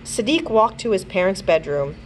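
Librarian woman reading aloud to kids; lively, expressive delivery with a faint room hiss. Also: medium pitch, poor audio. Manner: lively, expressive storytelling with character voices; pauses to check pronunciation of words. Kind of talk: children's read-along narration.

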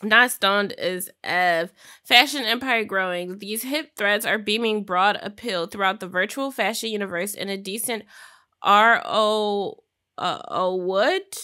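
A woman's voice: medium pitch, unhurried, bright, forceful tone. A young woman giving casual, chatty commentary while playing a life-sim game, with slangy asides and frequent laughs. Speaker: gaming streamer. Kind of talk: casual Sims gameplay commentary.

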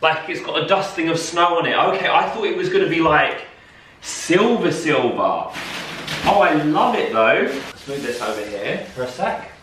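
A young man filming a casual vlog in his flat, gushing and excitable as he talks to viewers. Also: a little high, fairly quick, few pauses, far from the mic, noisy background. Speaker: vlogger. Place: flat, indoors. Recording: echoey room.

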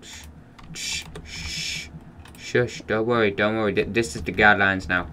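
A man's voice: lowish voice, fairly even intonation, brisk, sharp tone, a little hiss or hum. Playful British guy gaming on a call. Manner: playful, goofy, jokey. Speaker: gaming channel host. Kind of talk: casual gameplay banter. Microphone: voice call mic.

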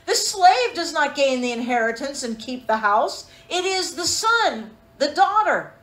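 Woman preacher, high voice, emphatic sermon delivery, echoey room. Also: very animated, unhurried, a bit bright. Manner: emphatic, calls for amens, rhetorical questions.

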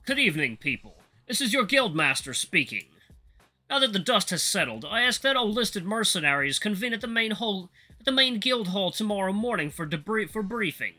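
A man's voice: high voice, big pitch swings, fairly quick, pushed and bright, faint music behind, voice pushed up, exaggerated voice. A man voicing a stern, commanding male guild leader who gives formal announcements. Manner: formal announcing tone, failed attempt at a Russian accent.

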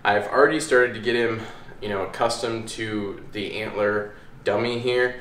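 A man talks in an easygoing, rambling way, slipping in fillers as he explains a simple method. His voice sits a little low. The room around him is echoey, with a faint hum of background noise. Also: steady tone, normal speed, fairly bright tone. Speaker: dog trainer, channel host. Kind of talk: casual how-to explanation. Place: indoors at home by a hallway.

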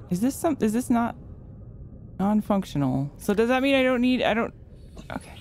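A woman's voice: a little high, big pitch swings, moderate pace, pauses often, very noisy. Jumpy nervous woman playing a game. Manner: nervous, jumpy, talks to creatures, sudden shrieks and whispers. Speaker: gamer. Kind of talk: game commentary.

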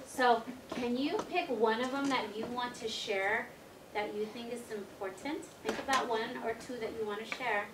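A woman teaching first graders, giving slow, clear instructions to the class. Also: fairly high pitch, steady tone. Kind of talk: classroom lesson. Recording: echoey classroom, distant mic, noisy.

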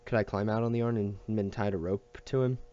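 A man voicing a careful, slow-spoken older man who mumbles gruffly with halting pauses. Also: on the low side, steady tone, warm tone, highs cut off, lightly acted.

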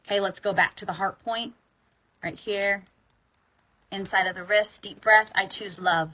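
A woman with a bright, breathy voice leads a guided tapping session in a relaxed, informal way. She sighs out loud on the exhales and sometimes leans hard on a phrase for emphasis. Her pitch sits in an ordinary middle range. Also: a little slow, low-quality recording. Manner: soothing, sighing, informal with bursts of emphasis.

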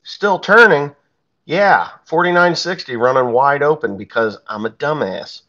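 A man's voice: a little high, expressive, unhurried, bright, forceful tone, muffled recording. A man, a farmer, telling a personal story in a blunt, plain-spoken, profane way.

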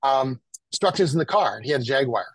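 A man, telling lively anecdotes as a photographer guest and acting out what people said. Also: medium pitch, fast, breathy edge, no room sound, rough recording. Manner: animated anecdotal, acts out quotes. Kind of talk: casual storytelling.

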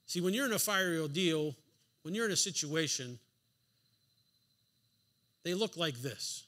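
The preacher's slightly high voice is pushed and bright, with lively intonation and a somewhat slow delivery. In a church sanctuary, he underscores his points with emphatic rhetorical questions and an occasional dry sarcastic jab.

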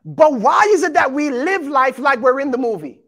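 A man preaching a sermon to his congregation, animated and emphatic, acting out quotes and calling out to the listeners. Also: very high-pitched, normal speed. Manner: addresses congregation as beloved and y'all.

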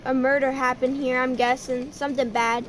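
Woman gamer, high voice, excitable, stammers; noisy backdrop. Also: normal speed. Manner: jumpy, stammering, full of exclamations. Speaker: gamer streaming a horror ride. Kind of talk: live gameplay commentary.

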